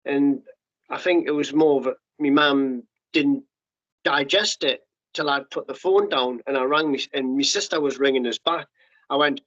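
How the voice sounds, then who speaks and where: Man, middle-aged, slightly high, blunt and sweary storyteller, muffled podcast sound. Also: fairly even intonation, fairly bright tone. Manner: blunt and sweary, rapid restarts, acts out quoted voices. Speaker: podcast guest, former paratrooper. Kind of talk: candid storytelling interview.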